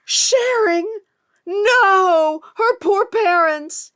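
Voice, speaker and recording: A woman's voice: on the low side, normal speed, a bit bright, close to an everyday voice. A woman voicing a proud Viking mother, smug and easily scandalised.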